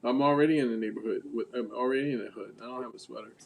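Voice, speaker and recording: A man's voice: medium pitch, racing, creaky, a little hiss or hum. A man from the United States hosting a casual group chat over a video call, telling stories and acting out greetings. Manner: animated storyteller, acts out greetings. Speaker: livestream host.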